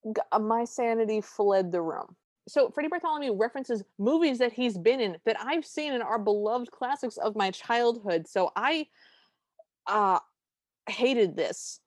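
A woman's voice: a little high, expressive, unhurried, no room sound. Wry, dry-sounding woman podcast host. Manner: wry, exasperated storytelling. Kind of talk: casual chat recapping a film.

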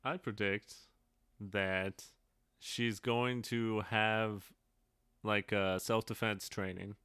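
Man, podcast co-host, smooth clear voice, dry close mic, measured and easygoing. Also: fairly low pitch, flat delivery, fairly bright tone, dry recording. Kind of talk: casual podcast chat.

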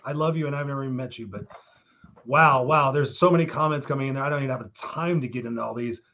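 A man hosting a live interview, reacting warmly and reading viewer comments aloud, choked up at times. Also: medium pitch, quick pace, dull audio. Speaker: host of live stream.

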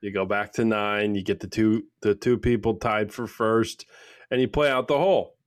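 A man co-hosts a casual podcast, bantering in a joking, profanity-laced way. His voice is on the low side, with a steady tone and normal speed.

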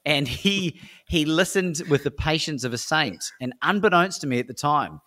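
A man's voice: a little high, animated, normal speed, pushed and bright. An Australian man is telling his stories as a podcast guest. He speaks with eager, emphatic energy and often repeats a word as he restarts a sentence. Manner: enthusiastic, emphatic, repeats words when he restarts. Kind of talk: animated storytelling in a podcast interview.

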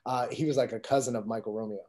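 A man's voice: mid-range voice, steady tone, fast talker, warm tone. A man telling a story in casual conversation, acting out quoted dialogue with lots of fillers. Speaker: guest telling his career story.

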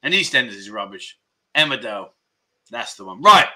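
A man's voice: medium pitch, very animated, moderate pace, pushed and bright. A man, hosting a casual livestream chat show and rambling as he reads out viewer comments. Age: 50s. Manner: chatty and rambling, with lots of fillers and self-corrections. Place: livestream set in Pattaya.

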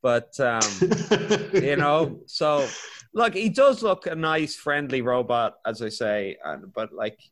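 A man hosting a podcast in casual chat, riffing with swearing and bursts of laughter. His voice sits in a middle pitch. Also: unhurried. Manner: swearing, laughing, animated rants. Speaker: podcast host.

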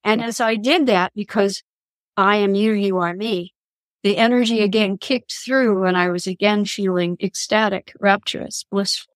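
A woman's voice: medium pitch, normal speed, dry recording. A woman guest on a podcast interview, telling personal spiritual stories in an earnest, reflective way. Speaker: guest, author and columnist.

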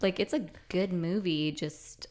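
A woman guest on a podcast, telling a light story in a casual chat. She is relaxed, laughs mid-sentence and says "like" often. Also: on the low side, unhurried. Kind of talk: casual chat among friends.

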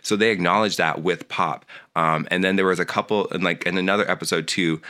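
A man's voice: low voice, steady tone, a little fast, sharp tone. A man in a casual talk, ranting with heated passion and many filler words. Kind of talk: casual conversational rant.

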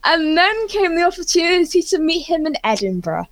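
A woman telling a story as an interview guest, excitable and rambling, often laughing. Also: very high-pitched, normal speed, dry recording.

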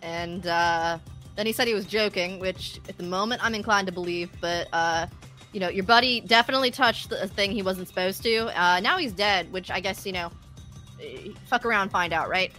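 A woman running a tabletop game as game master, chatty and quick to laugh. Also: mid-range voice, sharp tone, soft background music. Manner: laughs often, loose and chatty narration.

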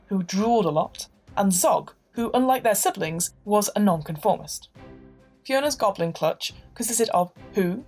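A woman narrates a tabletop game session in an even, measured manner. Her voice sits at a middle pitch, and she lays out each rule clearly and step by step. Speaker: game master.

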